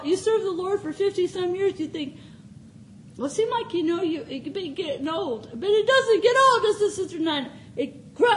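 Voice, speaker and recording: A woman's voice: extremely high pitch, slight background noise, low-quality recording. An older woman giving an informal, folksy sermon in a small chapel, often laughing as she speaks. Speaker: preacher.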